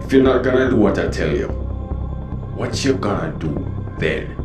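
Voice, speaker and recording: A man putting on a gruff mock-Jamaican military boss. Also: fairly low pitch, lively intonation, moderate pace, reverberant, music in the background, pitched below the performer's own voice, lightly acted. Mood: menacing. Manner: menacing, bossy. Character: gruff male military boss dressing down a soldier. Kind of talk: tabletop game master voicing a villain.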